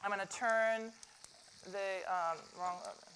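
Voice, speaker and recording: Bright-voiced Southern woman cooking live. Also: medium pitch, steady tone, slow pace, slight background noise. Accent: Southern American. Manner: chatty, joking, talks to the audience. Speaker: cooking demonstrator. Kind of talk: live cooking demonstration to an audience. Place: stage kitchen before a live audience.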